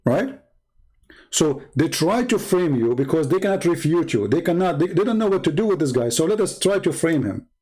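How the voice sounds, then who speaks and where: A man's voice: fairly high pitch, sing-song, normal speed, dark tone, breathy edge. A man hosting his own channel, delivering a blunt, scornful monologue. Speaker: channel host. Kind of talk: combative monologue.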